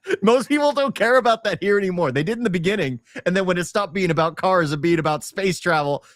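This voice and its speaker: A man's voice: sits high, fast, dry recording, clean studio sound. A married man co-hosting a casual podcast, chatty and laughing often. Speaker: podcast co-host. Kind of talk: casual chat.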